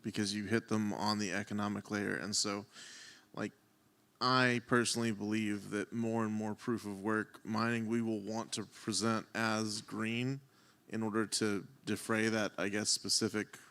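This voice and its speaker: A man on a panel speaks in a low, flat voice. He is measured and earnest in his delivery. There is little lift in his tone. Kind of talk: panel discussion.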